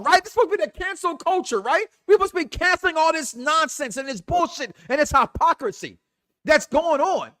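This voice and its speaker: High-voiced guy hosting a wrestling show, ranting hard, keeps repeating himself. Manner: animated, emphatic, repeats himself. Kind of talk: impassioned commentary rant.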